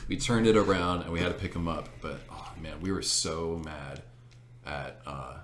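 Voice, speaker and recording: A young man in casual chat, telling an animated story with laughs and many fillers. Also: sits low, normal speed, slight background noise. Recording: echoey room.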